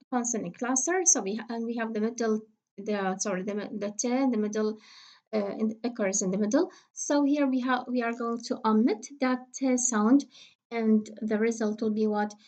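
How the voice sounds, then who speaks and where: A woman with a somewhat high voice gives a recorded lesson on English pronunciation. She speaks patiently, with frequent fillers, and slowly repeats each example word. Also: a little mellow. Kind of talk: recorded phonetics lecture.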